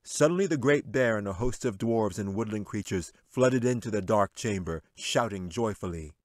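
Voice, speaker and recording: A man, the author, narrating his fantasy novel in a measured, expressive way. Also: lowish voice, no room sound. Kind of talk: audiobook narration.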